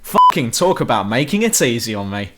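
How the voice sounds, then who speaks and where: Brief: young British guy ranting about a game, sarcastic and sweary, animated intonation, home-mic voice-over. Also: mid-range voice, brisk. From Britain. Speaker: game reviewer. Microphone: home computer mic.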